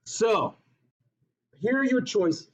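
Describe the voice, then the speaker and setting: A male teacher giving a classroom lesson, teasing his students in a joking, animated way. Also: sits high, takes it slowly. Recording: dull lo-fi classroom recording.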